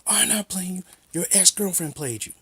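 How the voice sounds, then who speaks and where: A man's voice: sits high, lively intonation, moderate pace, bright, forceful tone, husky, pitched above the performer's own voice, exaggerated voice. A man quoting his indignant girlfriend in a slightly raised voice while telling a story. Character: angry young woman on the phone.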